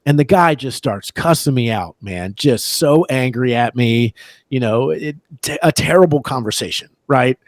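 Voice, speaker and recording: A man shares a story as a guest on a podcast. His delivery is animated, and laughter breaks through his sentences often. His voice is mid-pitched, and the recording is dry, with no room sound. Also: normal speed, dry recording. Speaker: real estate agent, podcast guest. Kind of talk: casual storytelling in a podcast chat.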